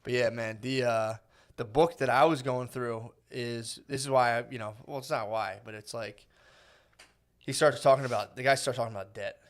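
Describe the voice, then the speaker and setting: A man's voice: medium pitch, steady tone, moderate pace. A man in his thirties co-hosting a podcast, rambling through stories in casual banter, swearing and acting out voices. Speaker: podcast co-host.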